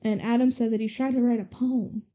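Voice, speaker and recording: A woman's voice: on the high side, fairly even intonation, brisk, mellow. A woman co-hosting a podcast, casually recapping a movie scene by scene in a chatty, storytelling way. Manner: chatty, storytelling, heavy use of "like". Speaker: podcast co-host.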